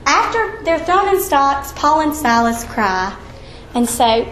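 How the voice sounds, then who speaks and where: A woman teaching a women's Bible study, telling the story with animated flair and then leading a prayer in a church room. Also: high-pitched, takes it slowly. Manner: animated storytelling, acts out quoted voices. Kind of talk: Bible lesson and closing prayer. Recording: echoey room with faint background noise.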